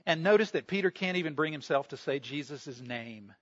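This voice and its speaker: A man preaches in a high, expressive voice, slipping into the voices of the people in the story he retells. The recording sounds somewhat dull and lo-fi. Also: brisk. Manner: storytelling, acts out quoted voices. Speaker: pastor. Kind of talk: sermon.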